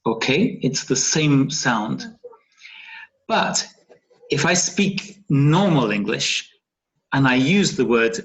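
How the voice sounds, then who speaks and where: The dull, lo-fi sound of a video call carries a man's mid-range, fairly bright voice. He's an English teacher running an online phonetics lesson, patient and often checking comprehension with a rising "yeah?".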